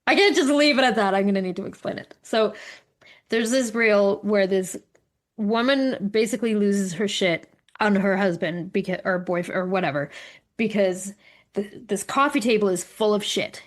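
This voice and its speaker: A woman's voice: mid-range voice, moderate pace. A middle-aged woman chatting casually on a podcast, telling stories animatedly, swearing freely and acting out what others said. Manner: animated storyteller, swears freely, acts out quotes. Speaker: podcast co-host. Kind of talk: casual chat among friends. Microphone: studio microphone.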